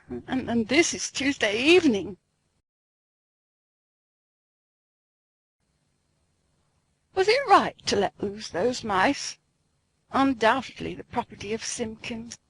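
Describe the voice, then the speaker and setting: A woman's voice: sits high, creaky, a bit bright, pitched above the performer's own voice, heavily acted. Woman doing a fretful old tailor. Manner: wailing, fretful. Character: poor old male tailor, fretful and lamenting.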